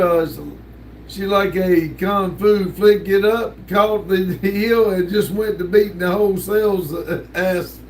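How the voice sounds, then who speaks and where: Reading chat aloud with plenty of laughter, this older man hosts a laid-back livestream from a home room featuring a sticker wall. His drawl sits high and sounds a little mellow, while a slight hiss or hum runs in the background.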